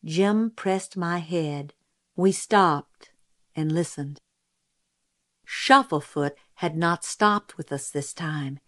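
A woman narrating an audiobook in a measured, steady storytelling manner. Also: on the low side.

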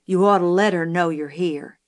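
A woman's voice: lowish voice, moderate pace, close to an everyday voice. A woman voicing a serious, firm older boy in an audiobook. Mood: earnest. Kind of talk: audiobook character reading.

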